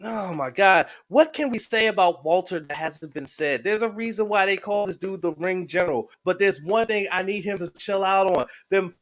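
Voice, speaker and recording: A man hosting a podcast in casual, excitable chat, swearing freely and joking around. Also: high voice, moderate pace, few pauses. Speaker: podcast host.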